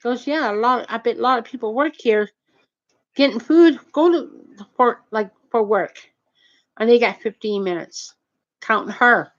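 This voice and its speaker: On dull lo-fi audio, a woman with a higher-pitched voice speaks a little slowly as she rambles through a long, indignant story. She restarts many times, swears heavily, uses nonstandard grammar and keeps tagging on "you know what I mean."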